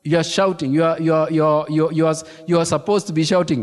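A man preaching a sermon as pastor, animated and emphatic, repeating key phrases and throwing questions to the congregation. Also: on the high side, fast talker, few pauses. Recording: long reverb of a large hall.

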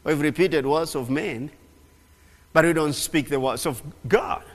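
A man preaching a sermon in an animated way, repeating phrases and often restarting. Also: on the high side, measured pace. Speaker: pastor. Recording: long hall reverb.

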